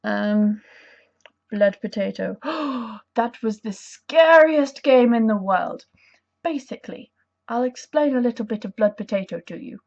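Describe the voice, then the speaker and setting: A woman's voice: on the high side, lively intonation, unhurried, gravelly, darkish tone. Bubbly young woman vlogging. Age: young adult. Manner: bubbly and enthusiastic, rambling and self-deprecating. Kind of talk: casual chatty vlog. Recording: dull lo-fi camera audio.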